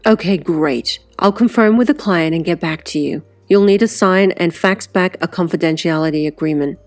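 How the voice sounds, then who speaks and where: A woman voicing a busy female job agent who talks in a rushed way, read as a storybook character. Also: lowish voice, soft background music, natural voice. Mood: brisk.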